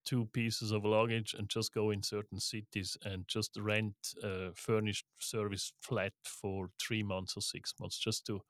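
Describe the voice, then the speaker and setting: A man's voice: lowish voice, measured pace, few pauses, no room sound. A middle-aged man from Switzerland, a guest in an interview, speaking casually and telling stories with laughs and restarts. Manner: lively storytelling with laughs, frequent restarts. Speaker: guest, investment firm co-founder.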